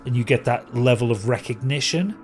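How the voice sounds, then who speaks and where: A man narrating as game master of a tabletop game, describing scenes with many pauses and fillers. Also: medium pitch, slight background noise. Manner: descriptive, hesitant, many ums and kind ofs.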